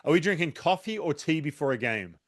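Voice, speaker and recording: A male host with a voice a touch higher than most men, running a quick-fire question segment. He laughs easily and restarts his sentences, keeping the mood light and teasing. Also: sing-song. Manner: laughs often, stammering restarts, playful. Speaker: host, former pitcher. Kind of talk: rapid-fire interview questions.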